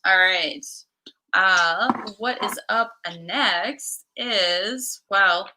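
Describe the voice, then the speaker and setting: A woman's voice: mid-range voice, drawn-out words, pushed and bright. A woman co-hosting a comic shop stream, chatting casually and laughing often at herself. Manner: giggly, self-deprecating. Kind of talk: casual chat.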